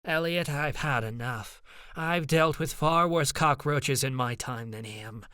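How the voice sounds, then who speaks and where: A man voicing a spiteful elderly woman in an audiobook, speaking slowly with a transatlantic accent and a cold, hissing contempt. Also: mid-range voice, bright, forceful tone, smooth, dry recording, studio quality. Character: spiteful elderly woman fire sorceress, domineering grandmother.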